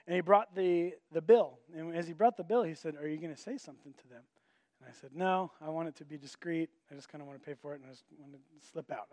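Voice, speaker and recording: A man's voice: high-pitched, a little mellow, no echo, clean studio sound. A middle-aged man, a pastor, telling a personal story in a sermon, conversational with frequent restarts.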